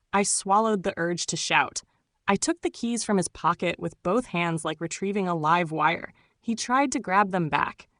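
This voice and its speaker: A woman narrating a first-person story in a measured, steady way. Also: fairly low pitch, no room sound.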